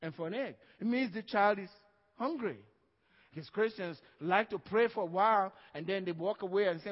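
High-voiced preaching man in echoing hall. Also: moderate pace, highs cut off. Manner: preaching with emphatic stresses and frequent "Amen?". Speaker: pastor. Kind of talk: sermon.

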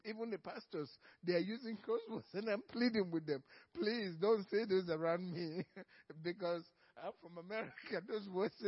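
A male pastor preaching a sermon in church. He is emphatic and repeats key phrases, moving between loud stresses and soft low asides. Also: dull audio.

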